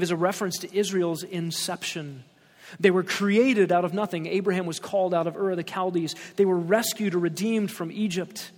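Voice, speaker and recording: A man's voice: high-pitched, big-room sound. A male pastor preaching an expository sermon, emphatic, reading scripture aloud with rising stress.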